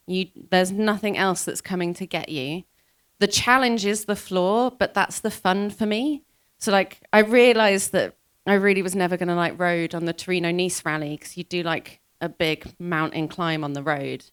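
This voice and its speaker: A woman's voice: on the low side, clean tone. A woman answering questions on a live panel, enthusiastic and playful, acting out little voices. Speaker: panel guest, mountain biker.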